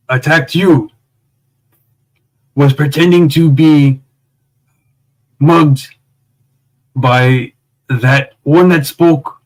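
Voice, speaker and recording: A man plays his character at a tabletop game, speaking hesitantly and filling gaps with ums and uhs. He talks slowly and takes his time. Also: mid-range voice, poor audio. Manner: hesitant, halting, many fillers. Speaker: player. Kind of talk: in-character tabletop role-play.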